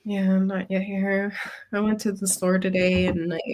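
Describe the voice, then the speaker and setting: A woman's voice: medium pitch, little pitch movement, normal speed, a little mellow. Rambling woman laughing through casual chat. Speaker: podcast co-host.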